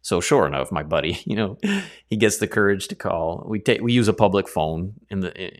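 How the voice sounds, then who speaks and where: A man's voice: low voice, moderate pace. A man teaching a Bible study, telling a story in a casual, rambling way with chatty asides and self-corrections.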